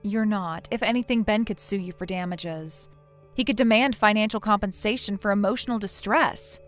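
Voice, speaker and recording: A woman's voice: medium pitch, moderate pace, soft background music, lightly acted. A woman voicing a blunt young female friend in a text-message story, lecturing firmly. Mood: stern. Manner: firm, lecturing.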